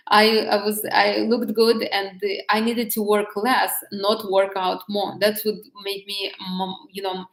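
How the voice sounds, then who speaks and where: Woman just chatting candidly to camera, mid pitch, kinda echoey room. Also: little pitch movement, takes it slowly. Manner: candid and chatty, with many restarts and laughs. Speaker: vlogger giving dating advice. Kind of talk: casual talk to camera.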